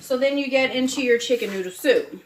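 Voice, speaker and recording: A woman's voice: sits high, a little fast, a little hiss or hum. Chatty Southern woman cooking in a roomy kitchen. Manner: chatty, folksy, calls viewers honey and baby. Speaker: cooking vlogger. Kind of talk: casual cooking chat to camera. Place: home kitchen. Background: faint clatter of dishes and cutlery.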